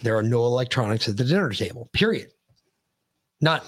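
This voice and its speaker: A man's voice: medium pitch, expressive, fairly quick. An American man co-hosting a podcast, telling a story in heated, profane, ranting bursts. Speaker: podcast co-host. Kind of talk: casual chat.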